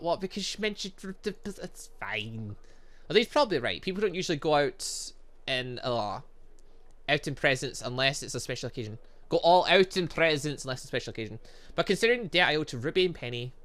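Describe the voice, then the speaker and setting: Lively gamer reacting to a visual novel. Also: medium pitch. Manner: animated, self-correcting, laughs and swears in reaction. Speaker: let's play host.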